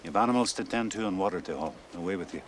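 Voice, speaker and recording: A man plays a clan elder in a period film who gives brisk orders in a Scottish accent. His voice is very low and he talks quickly. Faint noise is heard behind him. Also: natural voice.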